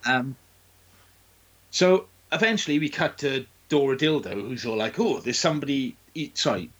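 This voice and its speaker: A man in casual chat, retelling a film in a crude, sweary and animated way and acting out its lines. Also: mid-range voice, moderate pace, muffled recording.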